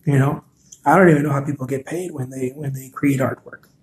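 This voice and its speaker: A man's voice: medium pitch, steady tone, fairly quick, slight background noise. A man hosting a casual live stream, talking earnestly and encouragingly, often repeating words and answering viewer comments.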